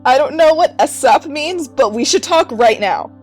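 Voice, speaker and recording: A woman voicing an earnest nine-year-old girl hero in a comedic fanfiction reading, with a high, eager, childlike delivery. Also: lively intonation, moderate pace, faint music behind.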